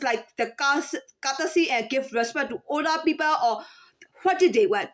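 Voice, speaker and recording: A woman in her thirties or forties speaking in a casual unscripted monologue, halting with many fillers and restarts. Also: sits high. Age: 30s to 40s. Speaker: former store employee.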